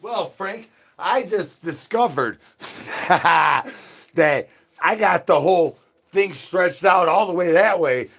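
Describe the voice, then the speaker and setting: A man live streaming in a goofy zombie persona, rambling with sing-song rhymes and yelling at his chat. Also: high-pitched, animated, slow pace, gravelly. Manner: silly rhyming and sing-song wordplay.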